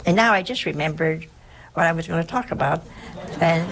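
A woman's voice: sits low, brisk, pauses often, a loud crowd, very noisy. An older woman, a nun, telling a personal story in a rambling, repetitive way with chuckling asides.

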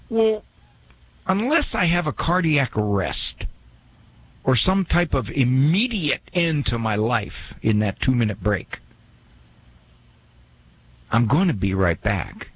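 A man's voice: on the high side, very animated, normal speed, fairly bright tone, breathy edge. A man hosting a radio talk show, chatting in a joking, self-mocking way and acting out little quoted asides. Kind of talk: casual radio monologue.

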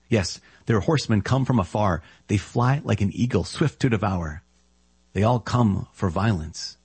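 A man reading scripture aloud in a measured, solemn way, then praying. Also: lowish voice, a little mellow, slightly rough, dry recording. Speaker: Bible reader.

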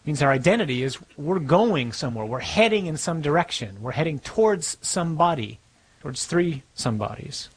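A man's voice: fairly high pitch, expressive, fairly quick, husky, rough recording. A man preaching a sermon as a priest, conversational and emphatic, repeating words for stress.

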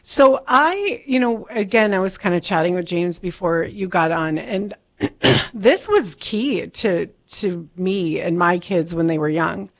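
Woman host with a gravelly voice. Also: lowish voice, expressive, measured pace. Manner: conversational, with fillers. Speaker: radio host. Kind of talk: radio interview.

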